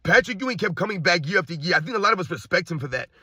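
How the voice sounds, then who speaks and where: A man hosting a sports commentary show, ranting in a heated, repetitive way and firing off exasperated rhetorical questions in a husky voice. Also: high voice, expressive, very fast, sharp tone, no echo.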